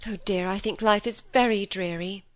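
A woman's voice: mid-range voice, moderate pace, close to an everyday voice. A woman reading an audiobook, voicing a wilful, proud young woman who talks with bitter passion. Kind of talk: audiobook character voice.

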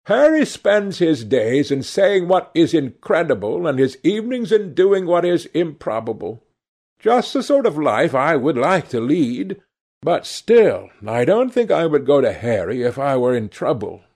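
A man's voice: fairly high pitch, sing-song, measured pace, a little mellow, full character voice. A man reading aloud and voicing a charming, evasive, secretive young man in a light, lifted voice. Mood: airy, evasive.

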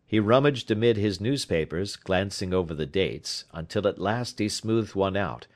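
A man reading a classic story aloud as an audiobook narrator, in a measured and expressive way. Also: deep voice. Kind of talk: scripted narration.

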